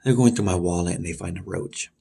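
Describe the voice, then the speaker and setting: Man, 30s, very low voice, husky, casual storytelling, mimics others. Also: fast talker. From Texas. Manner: animated, acts out the voices in his story. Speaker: vlogger.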